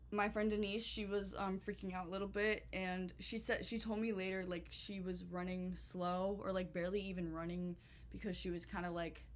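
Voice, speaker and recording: A young woman tells a story in a casual vlog, fast and animated, with plenty of swearing and filler words. Her voice sits at a medium pitch for a woman. She is recorded close to a phone or camera. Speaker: vlogger.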